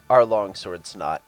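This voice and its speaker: A man giving casual gameplay commentary, chatting sarcastically to game characters and swearing freely. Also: lowish voice. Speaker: let's play gamer.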